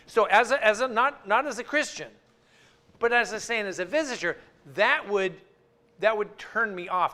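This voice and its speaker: In a church sanctuary, a man gives an informal, conversational church talk in a high-pitched, pushed and bright voice, often repeating words and restarting sentences.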